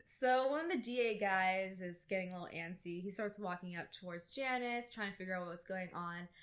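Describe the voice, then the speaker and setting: A woman co-hosting a podcast, casually recapping a TV episode in a lively way and slipping into quoted lines of dialogue. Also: medium pitch, fairly quick. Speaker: podcast co-host.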